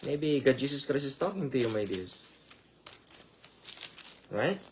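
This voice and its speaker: A man's voice: mid-range voice, very animated, measured pace, background noise. Filipino man preaching, says "my dears". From Philippines. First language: Tagalog. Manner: calls listeners "my dears" over and over, repeats rhetorical questions; loose and conversational, starts phrases over. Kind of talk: live-streamed Bible teaching.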